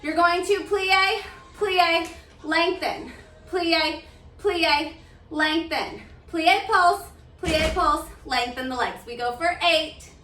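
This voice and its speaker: High-voiced woman cueing a barre workout. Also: slow, sharp tone, far from the mic, a little hiss or hum. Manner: upbeat cueing, counting down, chatty asides. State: slightly out of breath. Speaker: barre fitness instructor. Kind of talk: counting through a live workout class. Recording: roomy sound from away from the mic.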